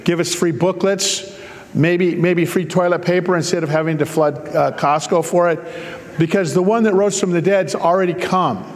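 A man's voice: high voice, steady tone, moderate pace, in a large hall. A man preaching a sermon, reading scripture aloud and breaking off for casual, joking asides to explain it.

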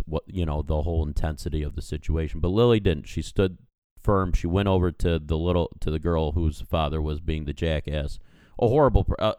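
A man's voice: a bass voice, a little mellow, clean tone, no room sound. A man in his thirties, a podcast co-host, telling a story in casual chat and animatedly acting out the people in it. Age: 30s.

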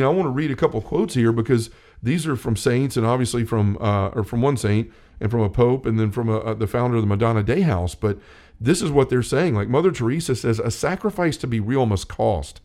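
A man of average pitch talks earnestly about faith, sounding like a preacher in a casual chat. He piles up fillers and restarts as he makes his point. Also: a little mellow. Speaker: co-host of a Catholic talk show. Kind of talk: casual faith talk, reading quotes.

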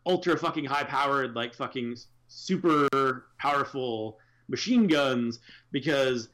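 A man's voice: mid-range voice, unhurried, a bit bright. A man co-hosting a podcast in casual chat, rambling and swearing with many fillers. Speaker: podcast co-host.

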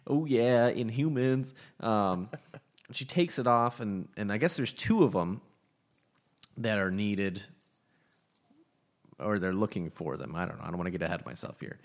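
Low-voiced rambling podcast host. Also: male voice, lively intonation, normal speed, pauses often. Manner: rambling, swears casually, many fillers. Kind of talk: casual chat.

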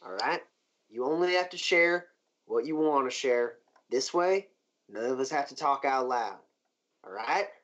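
A woman's voice: a bass voice, animated, a little slow, a bit bright, exaggerated voice. A man voicing a tough, blunt female telepath who talks in terse, slangy phrases, in a dull lo-fi recording. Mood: flat. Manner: terse and plain-spoken, slangy.

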